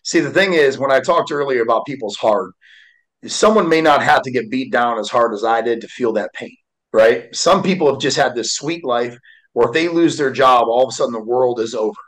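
A man's voice: mid-range voice, a little fast, fairly bright tone, low-quality recording. Man in his 40s, motivational guest, emotional storytelling, lots of "you know" and "uh". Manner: candid and heartfelt, with frequent fillers. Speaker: guest, motivational speaker and author.

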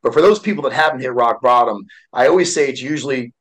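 In a fast, low-quality recording, a candid man in his forties with a mid-range voice shares an emotional personal story. He's a guest, a motivational speaker and author, speaking heartfelt words sprinkled with frequent fillers.

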